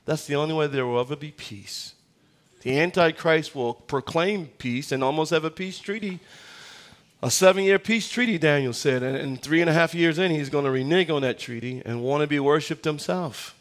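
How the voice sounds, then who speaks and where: High-pitched man preaching with dramatic pauses. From United States. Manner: animated storytelling, acts out voices in anecdotes; preaching with dramatic slowdowns on key phrases. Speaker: guest pastor. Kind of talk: sermon.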